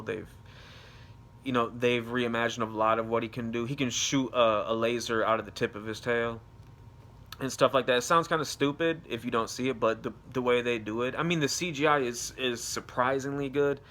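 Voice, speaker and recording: A man's voice: mid-range voice, steady tone, a little fast, fairly bright tone. A young man giving a casual, rambling movie review, swearing freely and trailing off into fillers. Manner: rambling, profane, loose and unscripted.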